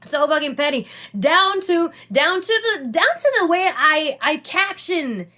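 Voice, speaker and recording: A woman comedian ranting in an exasperated, profane, animated way straight to camera. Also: sits high, unhurried. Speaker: comedian and sketch creator. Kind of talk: profane rant vlog.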